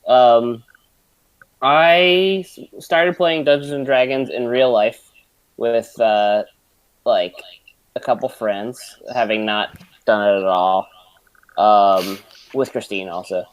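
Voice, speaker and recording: A man's voice: medium pitch, fairly even intonation, takes it slowly, long pauses, clear, resonant tone, dry recording, rough recording. A man chatting in a rambling, hesitant way as a new player on a video call. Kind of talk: casual chat over video call.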